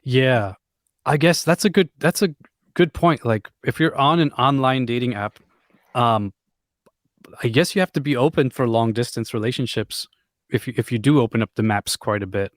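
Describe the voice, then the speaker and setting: An upbeat man hosts the discussion, encouraging the speakers and inviting them in. His voice has an ordinary middle pitch. The audio is dry and close. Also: moderate pace, no room sound. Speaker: host of an audio chat room. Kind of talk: casual chat, moderating.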